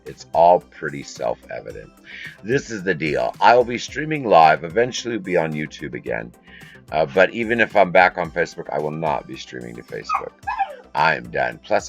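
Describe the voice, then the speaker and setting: Low-voiced man rambling on a home live stream. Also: a bit bright. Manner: rambling, breaks off to scold his dogs. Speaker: host. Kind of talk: casual live-stream monologue. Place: home room with a curtain backdrop.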